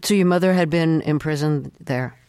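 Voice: mid-range voice, moderate pace, a little mellow, clean tone, no room sound, clean studio sound. An interviewer asking curious, sympathetic questions.

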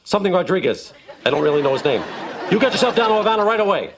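A man's voice: big pitch swings, rapid-fire, a crowd in the background, noisy background. A man impersonating a blustery big-shot team owner. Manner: rambling, booming, self-absorbed. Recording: clip with studio audience laughter. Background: audience laughter.

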